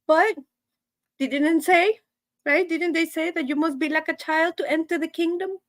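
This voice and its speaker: Giggly high-voiced woman. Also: unhurried, pauses often, dry recording. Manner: giggly, laughs between nearly every line. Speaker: host of a weekly live show. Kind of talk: casual chat to viewers.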